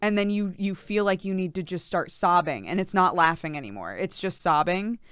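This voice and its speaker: A woman's voice: on the low side, animated, moderate pace, fairly bright tone, smooth, no echo, clean studio sound. A young adult woman streamer chatting casually on a live stream, talking freely and breaking into laughter often, with plenty of fillers.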